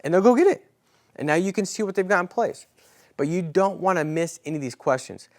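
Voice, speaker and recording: A man teaching a sales training class in a casual, animated way, often acting out talks with clients. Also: high voice, brisk. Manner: casual, animated coaching with role-played client dialogue.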